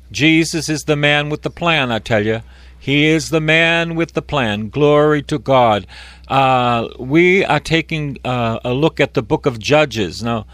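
An older priest delivers a Bible teaching in an unhurried, folksy way. He leans on repetition for emphasis. His voice sits a touch high for a man, and the recording is dry and close. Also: no room sound. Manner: folksy and emphatic, repeating phrases.

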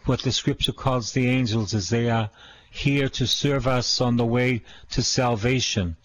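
Male priest, sermon delivery, mid-pitched, emphatic and repetitive, dull lo-fi sound. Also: fairly even intonation, a little slow. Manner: emphatic, repeating phrases and asking the congregation questions.

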